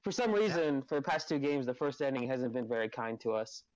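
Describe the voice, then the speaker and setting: A man's voice: medium pitch, expressive, a little fast, no room sound, low-quality recording. Rambling laid-back man, dry sound. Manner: rambling, laughs often, uses "like" a lot. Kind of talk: casual chat.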